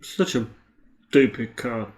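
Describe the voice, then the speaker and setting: A man's voice: medium pitch, slow pace, darkish tone. A British man co-commentating a card game match in casual chat, with dry jokes and offhand asides.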